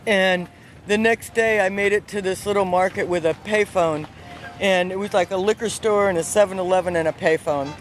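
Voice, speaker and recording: An animated woman tells a personal story outdoors, her voice lively and expressive. She talks in a casual, chatty way to someone on the street. Faint traffic sounds drift behind her. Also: mid-range voice, moderate pace. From not the US South. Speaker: passer-by telling a personal story.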